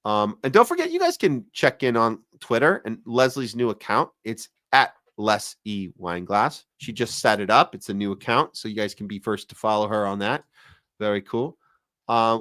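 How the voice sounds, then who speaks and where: A man's voice: mid-range voice, animated, normal speed, fairly bright tone, no room sound, clean studio sound. A man hosting a live podcast, chatting casually and sarcastically while reading viewer comments. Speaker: podcast host.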